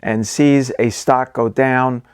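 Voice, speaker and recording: A man's voice: mid-range voice, fairly even intonation, slow, a little mellow, clean tone, no room sound, clean studio sound. A man hosting an investing channel, explaining stock basics in casual talk full of ums, okays and restarts. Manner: conversational, many ums and okays.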